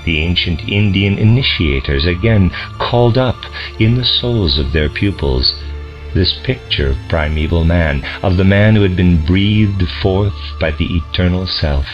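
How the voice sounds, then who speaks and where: Deep-voiced guy reading out a lecture, solemn and measured, muffled lo-fi sound. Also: expressive, faint music behind. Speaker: audiobook reader. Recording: dull lo-fi recording.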